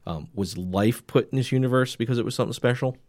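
A man's voice: medium pitch, fast, darkish tone, no room sound, clean studio sound. A man co-hosting a casual podcast, rambling and joking with plenty of restarts and fillers, with a Northeastern Pennsylvania accent. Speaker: podcast co-host. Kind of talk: casual chat.

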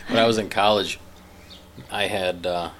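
A middle-aged man in casual conversation, telling anecdotes in a halting, rambling way. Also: low voice, steady tone, fairly bright tone, slight background noise. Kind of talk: casual chat.

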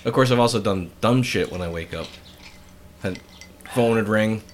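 A middle-aged man in casual group conversation, telling stories with lively acted-out quotes. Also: fairly low pitch, normal speed, crowd noise. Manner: animated storyteller, acts out shouting quotes. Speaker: storyteller in group chat. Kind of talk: casual chat.

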